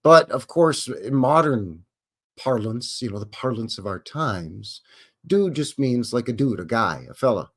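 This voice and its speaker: A man's voice: medium pitch, expressive, measured pace. A man from Canada, hosting a live stream in a rambling chat that acts out quoted voices and answers viewers. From Western Canada. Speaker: livestream host.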